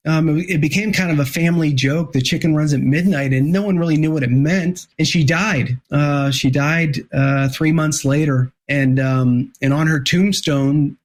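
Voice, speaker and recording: A man, an author and former sportswriter, telling a story as an interview guest, animated and full of restarts. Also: a little high. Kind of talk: conversational storytelling.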